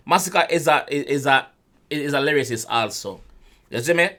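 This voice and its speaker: Excitable Jamaican man with a very bright voice. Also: a little high, normal speed. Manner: excitable, repeats words and restarts often. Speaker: music reaction host. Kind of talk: casual reaction commentary.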